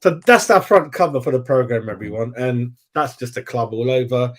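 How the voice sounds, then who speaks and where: A man hosting a football fan chat, talking in a rambling, animated way and calling everyone mate. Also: medium pitch, normal speed. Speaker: fan channel host.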